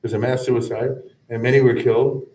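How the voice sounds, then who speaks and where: A male teacher explains old texts in a relaxed, talky way, breaking into chanted verse before paraphrasing it. His voice sits in the middle range and sounds off-mic, with the hollow ring of a large room around it. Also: medium pitch, a little fast. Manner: conversational, chanting Hebrew verses then translating, many asides. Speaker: rabbi teaching a class. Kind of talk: informal explanatory lecture. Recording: echoey room, mic at a distance.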